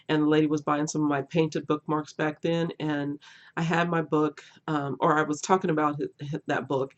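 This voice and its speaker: A woman's voice: low voice, vocal fry, lo-fi sound. A middle-aged woman chatting casually as a book vlogger, gushing and laughing often. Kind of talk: casual chat.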